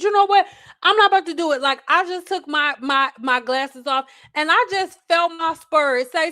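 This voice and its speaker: A woman's voice: high voice, animated, normal speed, bright, forceful tone, no room sound, clean studio sound. A woman ranting as a hair care educator, blunt, exasperated and profane in casual livestream talk.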